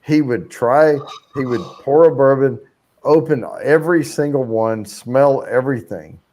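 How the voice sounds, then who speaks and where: Guy hosting a live stream, talks real slow, lots of ums and you-knows. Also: medium pitch. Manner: slow, relaxed talk with many fillers. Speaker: livestream host. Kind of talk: casual live-stream chat.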